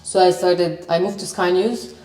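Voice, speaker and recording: A woman's voice: lowish voice, fairly even intonation, normal speed, a little mellow. A middle-aged woman with a Lebanese accent, a sports presenter confidently telling her life story in an interview. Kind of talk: interview conversation. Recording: echoey room, mic at distance.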